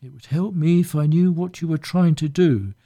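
A man reading the lines of a weary, sharp-tongued wife in an audiobook, with a flat, tired delivery. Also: a little high, moderate pace, voice pushed up.

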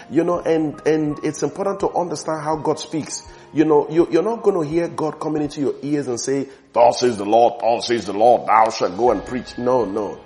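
A man preaches with fervent conviction, leaning into key words and drawing them out slowly for weight. His voice sits at an ordinary middle pitch. Soft music plays faintly underneath. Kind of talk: sermon.

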